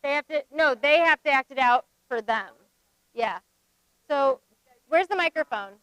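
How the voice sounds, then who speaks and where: A woman facilitating a workshop, running a group acting game with brisk, directive instructions. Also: high voice, expressive, a bit bright, no room sound.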